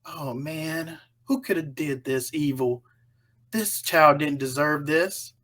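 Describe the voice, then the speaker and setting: Woman voicing older grieving mother, calm, low and hushed, bright tone, casual horror-film retelling. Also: slow, heavily acted.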